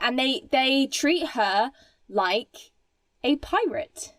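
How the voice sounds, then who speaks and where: A woman's voice: high-pitched, animated, slow pace, a bit bright, no room sound. Emphatic, swearing woman on a podcast. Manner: emphatic, swears freely, mimics film characters. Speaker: podcast co-host. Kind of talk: casual film podcast chat.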